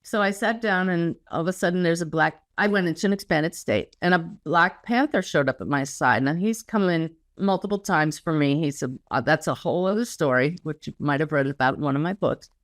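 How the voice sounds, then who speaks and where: An author being interviewed, she speaks earnestly and slows down deliberately when she quotes the guidance she received. Her voice sits a little low for a woman, and the recording is dry and close. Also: no echo. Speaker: interview guest, spiritual author. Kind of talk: casual conversational interview.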